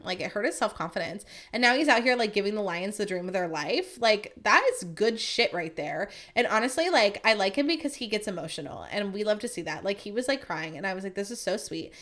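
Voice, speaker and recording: Woman, casual podcast chat, filler-heavy, animated, gossipy rant energy. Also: medium pitch. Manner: chatty, filler-heavy "like" talk; animated, swings between excited and exasperated.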